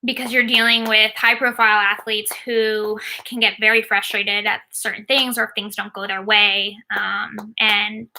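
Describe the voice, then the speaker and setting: Woman, 30s, sports agent, casual Q&A, chatty, lots of ums, very bright, fry-laced. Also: mid-range voice, flat delivery, normal speed, hardly any pauses, a little hiss or hum. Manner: chatty, answers viewer questions with frequent ums and likes. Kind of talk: casual Q&A while watching a game.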